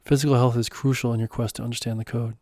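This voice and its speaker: A man voicing a serene wise mentor, mellow and dry. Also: mid-range voice, little pitch movement, dry recording, natural voice. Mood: explaining. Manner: serene, unhurried, gently teasing. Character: calm wise male mentor and guide.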